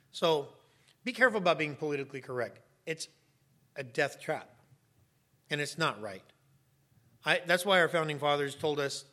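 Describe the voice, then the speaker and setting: A middle-aged man preaching a sermon as a pastor, emphatic and sometimes rising to sharp raised shouts. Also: a little high.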